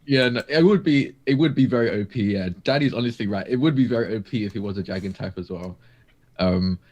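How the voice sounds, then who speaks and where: A man's voice: lowish voice, brisk, darkish tone, muffled recording. Guy guesting on a stream, kinda hesitant, lots of ums, chuckles a bit. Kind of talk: casual chat.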